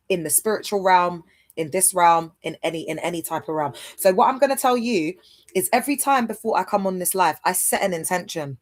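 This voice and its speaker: Chatty woman livestreaming. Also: lowish voice. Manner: rambling, chatty, talks straight to viewers. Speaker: livestream host. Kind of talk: casual livestream chat to viewers. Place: at home.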